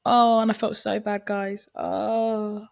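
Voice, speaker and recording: A woman's voice: medium pitch, little pitch movement, slow pace, vocal fry, no echo, studio quality. A young woman hosting a podcast, talking candidly and chattily about her family and acting out their dialogue. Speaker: podcast host. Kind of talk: personal reflective monologue.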